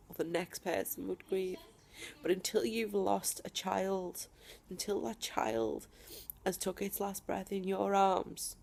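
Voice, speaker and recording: A woman talking straight to camera from home in a personal video diary, emphatic and defiant, with deliberate pauses. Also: fairly low pitch, vocal fry, darkish tone, a little hiss or hum. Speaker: vlogger.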